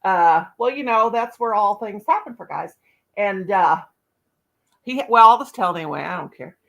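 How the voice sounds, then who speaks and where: A woman's voice: medium pitch, expressive, moderate pace, creaky, a bit bright, low-quality recording. A woman in her fifties hosting a live stream, telling candid, rambling stories in casual chat. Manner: blunt, candid rambling storyteller.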